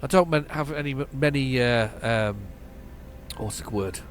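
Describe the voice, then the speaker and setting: A man's voice: medium pitch, moderate pace, slight background noise. Rambling northern English man gaming. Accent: flat northern English. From northern England. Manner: rambling and chatty, trails off in repeated restarts. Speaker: gaming channel host. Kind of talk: casual let's-play commentary.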